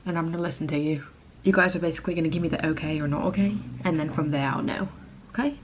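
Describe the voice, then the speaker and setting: A fast-talking young American woman with a deep voice runs through a makeup tutorial on her home camera, chatty and rambling, giggling at her own expense and packing in plenty of "like." She's a beauty vlogger, and there's a little hiss or hum in the audio.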